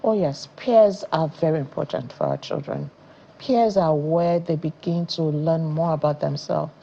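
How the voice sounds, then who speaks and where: A woman's voice: low-pitched, unhurried, vocal fry, muffled recording, slight background noise. A woman in her thirties from Nigeria, a parenting educator who tells stories and acts out the lines she quotes on a studio talk show. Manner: animated storyteller, acts out quotes.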